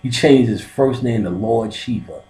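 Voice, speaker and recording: A man's voice: medium pitch, moderate pace, mellow. A man telling stories in casual talk, profane and laughing. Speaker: podcast host telling stories. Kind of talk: casual storytelling. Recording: roomy echoey room.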